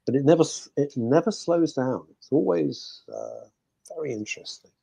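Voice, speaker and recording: A man hosting a radio chat show, talking in a chatty, animated way that sometimes drops to a hushed aside. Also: on the high side, moderate pace, creaky, slightly rough, no room sound. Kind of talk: casual chat.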